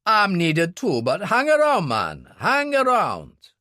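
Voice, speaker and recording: A man's voice: high voice, huge pitch swings, slow, sharp tone, no echo, studio quality, voice pushed up, full character voice. A man reading an audiobook, voicing a wary, bossy island barman who calls across the room to his wife. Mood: wary, boisterous.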